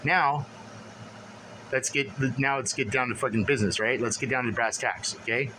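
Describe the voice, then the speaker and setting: A man's voice: medium pitch, normal speed, bright, forceful tone, a little hiss or hum, poor audio. A man venting to the camera in a casual vlog, agitated and profane, rambling with many restarts as he reads through paperwork. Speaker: vlogger.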